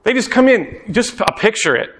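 A man preaching a sermon, telling a story with lively acted-out scenes and bursts of shouting. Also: high voice, normal speed. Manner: animated storytelling, acts out scenes, rising to shouts. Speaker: pastor.

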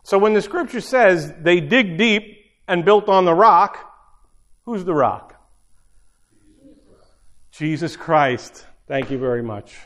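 A man's voice: sits high, expressive, slow pace, pauses often, a bit bright. Man preaching a conversational sermon. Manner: conversational, repeats phrases for emphasis. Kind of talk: informal sermon.

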